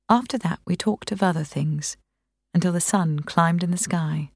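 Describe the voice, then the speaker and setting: A woman reading a first-person novel aloud in a calm, measured way. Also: lowish voice, husky, no room sound, studio quality. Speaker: narrator. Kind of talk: audiobook reading.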